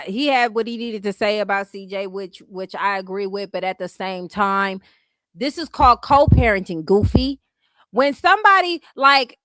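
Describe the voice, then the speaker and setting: A woman's voice: mid-range voice, a bit bright, no echo. A woman hosting a casual reaction stream, giving blunt, sassy commentary full of profanity and mocking asides.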